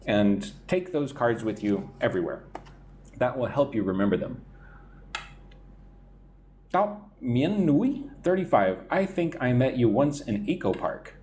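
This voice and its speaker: Male english teacher on a live stream, slow and unhurried delivery, animated pitch, light background hiss. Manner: explains idioms and reads out chat comments, repeating "right?". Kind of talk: live-stream idiom lesson.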